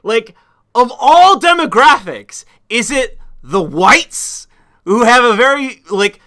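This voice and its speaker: Casting: male stream host, high and bright, rambling through rhetorical questions. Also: big pitch swings, takes it slowly. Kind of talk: casual political chat.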